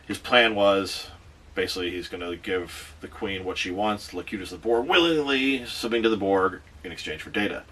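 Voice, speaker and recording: A man casually recapping a movie as a reviewer, animated, with quick asides. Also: low-pitched, recorded from a distance.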